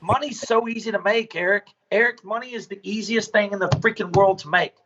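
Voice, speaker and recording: A man's voice: high voice, fairly quick, highs cut off, background noise. A man, a business owner, talking bluntly and profanely as a podcast guest, telling stories casually.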